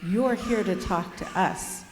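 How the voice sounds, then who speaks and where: A woman's voice: medium pitch, unhurried. Hesitant woman speaking in an echoey hall. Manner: hesitant, many fillers, earnest. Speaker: audience member asking a question. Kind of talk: question from the floor. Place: church hall.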